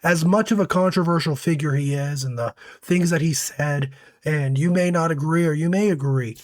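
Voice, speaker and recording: A man talking casually to his viewers in a commentary, his voice hoarse as he gets over an illness. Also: on the high side, moderate pace, no echo. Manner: conversational, uses fillers like "right?". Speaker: commentary host.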